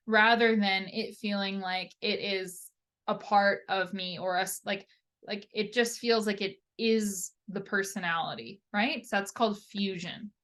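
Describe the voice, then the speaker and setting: A woman, an occupational therapist, presenting a lesson in a relaxed, conversational way that often checks in with the listener. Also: mid-range voice. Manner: relaxed, conversational, many tag questions.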